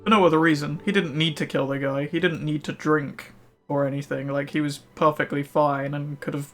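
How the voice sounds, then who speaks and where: A man's voice: fairly high pitch, fairly even intonation, a little fast. A male streamer chatting casually while he plays, rambling with lots of fillers. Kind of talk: casual chat while gaming. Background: faint music.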